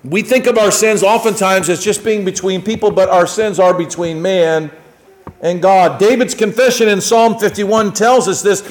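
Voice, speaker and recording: Male pastor, high voice, chatty sermon delivery with acted-out asides. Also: normal speed, rough recording. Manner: conversational, acts out little quoted exchanges.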